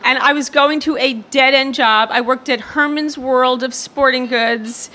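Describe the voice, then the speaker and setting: A woman's voice: high voice, fairly even intonation, a little slow, bright, forceful tone. A woman from New York City telling a funny true story in a self-deprecating, profane way. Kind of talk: comic true-story monologue.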